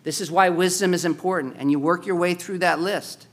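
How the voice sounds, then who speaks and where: A man preaching a sermon, swinging between loud, pressing exhortation and quiet, low-key storytelling. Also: steady tone, a little fast. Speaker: pastor.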